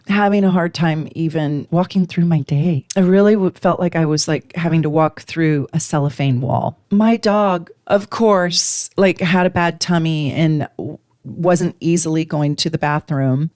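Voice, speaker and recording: A woman astrologer telling a personal story to her viewers with animated emotion. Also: deep voice, no room sound, clean studio sound. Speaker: astrologer and tarot reader. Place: home, lives in Washington State.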